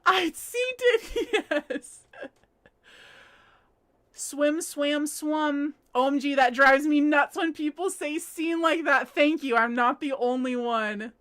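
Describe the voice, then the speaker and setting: High-voiced chatty American woman. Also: steady tone, slow, fairly bright tone. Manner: chatty, laughs often, says "like" a lot. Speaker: livestream host. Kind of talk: casual chat reading live comments. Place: home.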